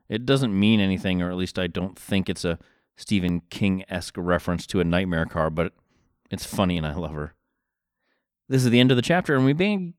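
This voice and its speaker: A man's voice: low-pitched, darkish tone, clean tone, no room sound, clean studio sound. A man hosting a podcast alone, talking through a book in a casual, wry way and thinking aloud as he goes. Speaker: podcast host. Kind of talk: casual solo book commentary.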